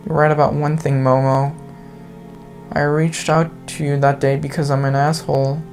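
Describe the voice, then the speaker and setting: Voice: medium pitch, flat delivery, normal speed, darkish tone, faint music behind, lightly acted. A gamer reading out the lines of a remorseful teenage girl who confesses her love, earnest and apologetic, as visual novel dialogue.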